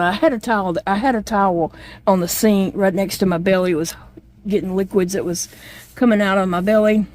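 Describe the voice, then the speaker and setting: A woman's voice: medium pitch, a little mellow, no room sound. A middle-aged woman chats casually to her vlog camera. She tells her story in a plainspoken, rambling way, with plenty of fillers and restarts. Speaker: chronic illness vlogger.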